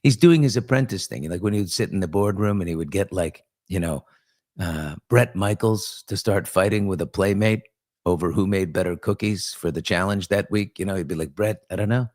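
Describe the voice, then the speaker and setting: A man's voice: low voice, moderate pace, darkish tone. A male host chatting casually on a live morning show. He jokes, rambles, and throws asides to his crew.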